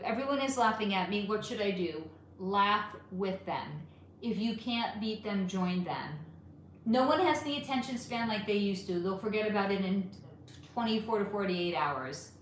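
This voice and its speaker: Woman, fairly high voice, candid live-stream chat, roomy echo, faint background hiss. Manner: candid, swearing, animated, answers chat questions. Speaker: livestream host reading chat. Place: home room.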